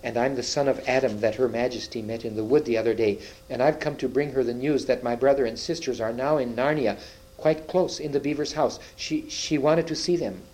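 A man's voice: mid-range voice, a little mellow, lightly acted, low-quality recording. A man doing a trembling young boy. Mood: pleading. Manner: stammering, hurried pleading. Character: frightened young boy, trembling, eager to please.

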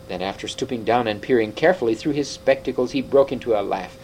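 A man reading a novel aloud in a steady manner, with small slips. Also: mid-range voice, fast, few pauses, slight background noise, poor audio. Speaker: audiobook reader.

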